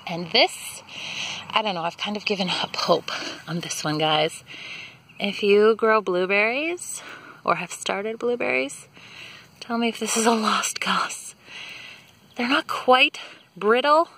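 A woman's voice: mid-range voice, slow pace, long pauses, pushed and bright. A young woman giving a casual garden tour outdoors, talking into a handheld camera mic, with her breathing audible as she walks. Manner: chatty, enthusiastic about plants. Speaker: garden vlogger.

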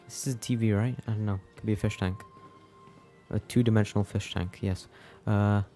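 A man's voice: on the low side, fairly even intonation, brisk, dark tone. A young man giving casual let's play commentary, muttering wry reactions to a game. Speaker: gameplay commentator. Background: game music.

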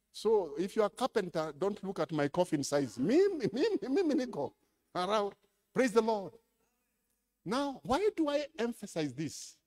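Lively Kenyan pastor preaching. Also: male voice. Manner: switches between English and Swahili, swinging from low storytelling to loud exclamations. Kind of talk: sermon.

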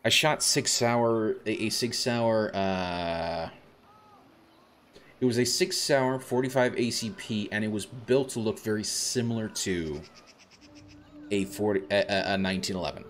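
Rambling male game streamer, lowish voice. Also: a little slow, a bit bright, a little hiss or hum. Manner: rambling, self-correcting chat. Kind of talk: casual gameplay commentary.

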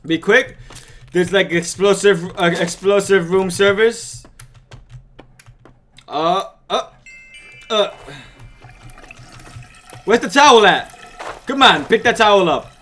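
A man giving frantic, excitable gaming commentary and chatting with his viewers as he plays. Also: sits high, slow pace, pauses often, a little hiss or hum. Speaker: let's play gamer.

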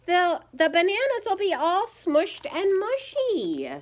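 Woman putting on a high squeaky little girl, bossy big sister, storybook voice, bouncy lively pitch. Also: takes it slowly, heavily acted. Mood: eager. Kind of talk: storybook read-aloud.

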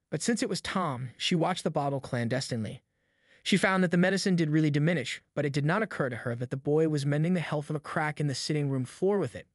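Reading a classic tale aloud, a male audiobook narrator keeps a measured, even pace in his scripted narration. His voice sits slightly high for a man, captured close and dry with no echo.

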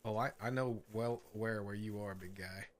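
A man's voice: on the low side, fairly even intonation, moderate pace, slight background noise. A man playing a horror game, nervously commenting, laughing and swearing as he goes. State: scared, on edge. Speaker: gaming channel host.

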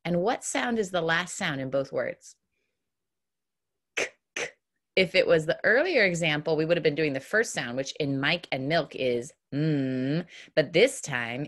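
A woman teaching young children an online phonics lesson, sounding out words slowly and clearly in an upbeat, encouraging way. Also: sits low, a bit bright. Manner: slow, clear, exaggerated word modeling. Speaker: kindergarten teacher.

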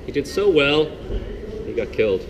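A man working as a walking tour guide, telling a story to his group in a chatty, animated way, outdoors in old city streets. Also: fairly high pitch, normal speed. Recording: outdoor street noise, passing traffic.

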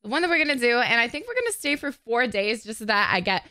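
A woman hosting casual gameplay commentary, loud, excitable and crude. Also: fairly high pitch, fast talker, clear, resonant tone. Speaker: gaming host.

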